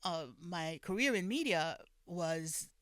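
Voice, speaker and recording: An older woman from the Bronx, a guest author telling stories from her life in relaxed conversation, often laughing and dropping in Spanish. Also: lowish voice, slow, no echo, clean studio sound. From the Bronx, New York, of Puerto Rican parents. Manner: warm storyteller, laughs often, restarts phrases, mixes in Spanish.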